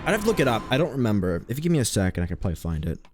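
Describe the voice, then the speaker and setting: A man's voice: fairly low pitch, sing-song, rapid-fire, background noise. A young man chatting casually while he streams a game, rambling and mocking his own mistakes. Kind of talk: casual gameplay commentary.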